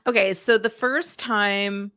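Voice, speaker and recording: Chatty jokey woman with a bright voice. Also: medium pitch, fairly even intonation, takes it slowly, smooth. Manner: chatty, jokey, many fillers. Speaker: podcast co-host. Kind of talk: casual recap chat.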